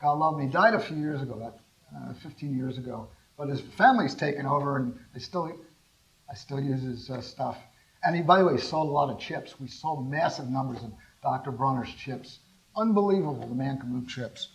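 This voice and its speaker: An older man from California giving a talk, telling rambling, animated anecdotes and asking the audience questions. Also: mid-range voice, brisk, low-quality recording. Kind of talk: storytelling talk to a small audience.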